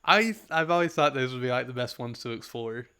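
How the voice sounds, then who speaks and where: A man's voice: mid-range voice, fairly quick, bright, forceful tone, smooth. A man from the Southern United States chatting casually on a gaming livestream, rambling, answering chat and laughing often.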